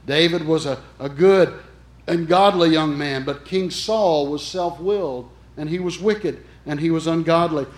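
Preacher guy telling a story in his sermon, earnest, kinda high voice. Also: measured pace. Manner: earnest, emphatic, addresses the congregation directly. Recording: echoey room.

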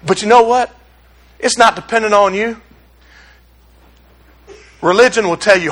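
Preacher guy, high voice, bright and sharp, preaching call and response. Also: a little slow. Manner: call-and-response preaching, rising to shouts and dropping to a hush. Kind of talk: sermon.

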